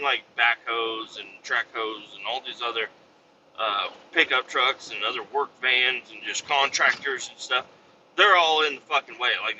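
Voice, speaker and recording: A man's voice: medium pitch, bright, forceful tone, dull audio, a little hiss or hum. A man telling a rambling story about his trucking job, swearing casually and acting out coworkers in a raised voice. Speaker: truck driver. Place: inside a truck cab.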